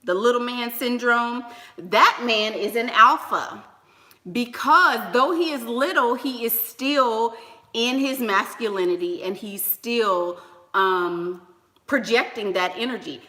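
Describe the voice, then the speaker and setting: A young woman hosting a casual livestream, lecturing with emphatic repetition and shouting greetings to donors. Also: fairly high pitch, takes it slowly. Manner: preachy, repeats points for emphasis. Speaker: livestream host. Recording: roomy with long reverb.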